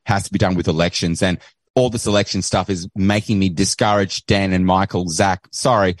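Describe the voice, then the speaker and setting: Agitated Australian man, low and dry. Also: steady tone, brisk, dry recording. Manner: agitated, venting. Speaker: caller. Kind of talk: casual political talk.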